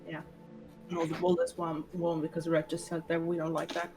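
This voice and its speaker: A woman's voice: fairly low pitch, completely flat delivery, moderate pace, loud music behind the voice, rough recording. A woman playing in a tabletop game, speaking casually and a bit hesitantly, partly in character. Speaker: player. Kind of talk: in-character role-play.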